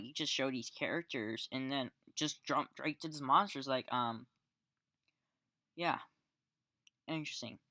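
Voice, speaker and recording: A man's voice: medium pitch, bright, forceful tone, no echo, clean studio sound. A man giving a casual spoken film review, rambling with restarts and fillers and sarcastic, exasperated asides. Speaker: movie reviewer.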